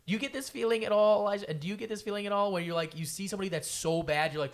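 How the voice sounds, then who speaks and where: Animated young man, podcast host. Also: high voice, rapid-fire, few pauses. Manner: animated, swearing, acts out quotes in loud bursts. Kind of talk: casual podcast chat.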